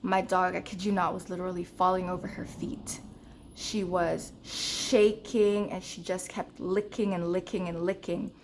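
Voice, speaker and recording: A young woman vlogging about budgeting, telling a story to her viewers in an animated, casual way. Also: moderate pace, a little hiss or hum. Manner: counts cash in a low murmur.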